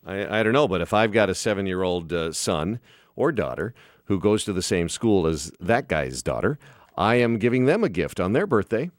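A man's voice: low-pitched, normal speed, dry recording, clean studio sound. A man hosting a radio talk show, bantering casually and poking fun at himself. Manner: self-deprecating, jokey, animated. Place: radio studio.

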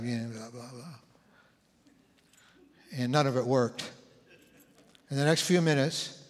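Older pastor telling a story in a reverberant hall. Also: male voice, mid-range voice. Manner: conversational, animated storytelling with acted-out quotes. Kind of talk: sermon storytelling. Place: church sanctuary. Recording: long church hall reverb.

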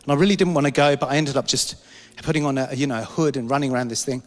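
A man's voice: mid-range voice, steady tone, rapid-fire. A man in his forties preaching a sermon and telling a personal story, his voice rising and dropping with emotion. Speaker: pastor. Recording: long hall reverb.

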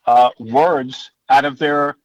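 A man's voice: medium pitch, fairly even intonation, slow, dull audio. A middle-aged man, a stand-up comedy teacher, telling stories in a chatty, rambling, self-assured way during a casual interview.

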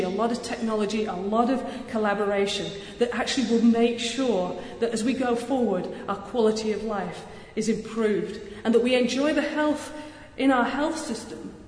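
Earnest woman speaking in an echoey hall. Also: on the high side. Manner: earnest, energetic, with self-deprecating humor and restarts. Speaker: burns surgeon giving a public talk. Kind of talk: public speech. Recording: echoey hall with long reverb.

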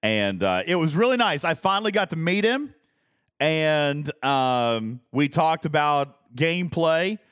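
Man hosting a gaming stream, animated pitch, rambling and laughing, dry close mic. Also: measured pace, clear, resonant tone, no echo. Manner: rambling, laughs often, reads chat aloud. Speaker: streamer host. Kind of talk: casual live-stream chat.

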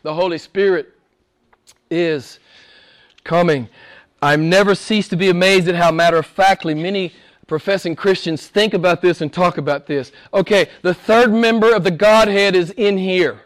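A male pastor preaching a sermon, swinging between loud exhortation and hushed whispers, with laughs between points. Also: sits high, normal speed.

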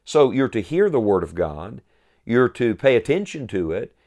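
A man preaching a sermon, earnest and emphatic, reading scripture aloud and slowing down to stress key lines. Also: medium pitch, sing-song, a little mellow. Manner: earnest, emphatic, quotes scripture in old wording; slows for emphasis, rising repeated phrases.

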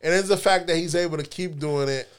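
Podcast host, man, slangy and worked up, slightly high smooth voice. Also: fast talker. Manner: animated, slangy, ranting. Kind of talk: casual chat.

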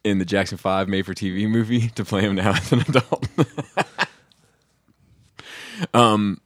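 A man's voice: fairly low pitch, steady tone, a little slow, no room sound, studio quality. A man co-hosting a podcast in casual chat, laid-back, swearing freely and laughing often. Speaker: podcast co-host.

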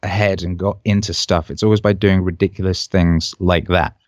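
Low-voiced man from Wales telling stories. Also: moderate pace, no echo, clean studio sound. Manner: animated anecdotes with quoted voices. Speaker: musician guest. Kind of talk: casual storytelling interview.

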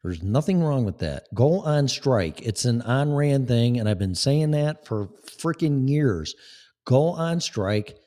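A man's voice: mid-range voice, animated, slow, dark tone. A man hosting a live talk show, speaking in a blunt, sarcastic, rambling way. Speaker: podcast host. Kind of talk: casual live-show monologue.

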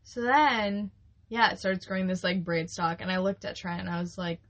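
A young woman co-hosting a podcast, telling a farm story in a rambling, casual way with lots of fillers and quick laughs. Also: mid-range voice, dull audio. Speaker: podcast co-host, flower farmer.

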